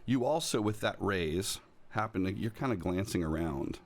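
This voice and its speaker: A man with a very low voice runs a tabletop game as game master. He narrates in a loose, rambling way, joking and restarting his sentences. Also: animated, normal speed. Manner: rambling, jokey, many fillers and restarts.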